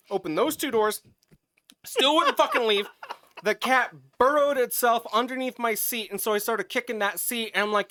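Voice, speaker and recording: Podcast co-host, male, bright clear voice, dry close mic, animated and foul-mouthed storyteller. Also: high-pitched, moderate pace, no echo. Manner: animated, profane, swings into loud yelling when retelling. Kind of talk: casual chat, storytelling.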